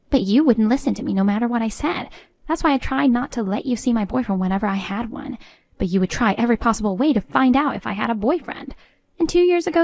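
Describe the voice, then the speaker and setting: A woman's voice: a little high, a little mellow, no room sound. Woman narrator, curt and indignant first-person storytelling, dry close recording.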